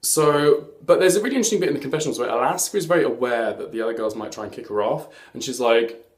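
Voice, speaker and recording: A man's voice: medium pitch, fast. A man hosting a casual TV recap chat, camp and chatty, full of sassy asides. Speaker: host of a TV recap show. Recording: echoey room.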